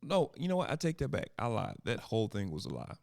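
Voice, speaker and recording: Male podcast host, thirties, low and raspy, very animated, jokey and chatty. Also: quick pace, no echo, clean studio sound. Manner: animated, laughing, jumps into high mocking voices. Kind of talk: casual solo podcast chat.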